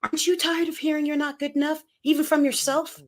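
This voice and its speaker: A woman's voice: high-pitched, little pitch movement, fast talker. A woman in her fifties, a guest speaking coach, talking in punchy, emphatic motivational bursts. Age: 50s. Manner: emphatic, punchy short phrases. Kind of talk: energetic motivational interview talk.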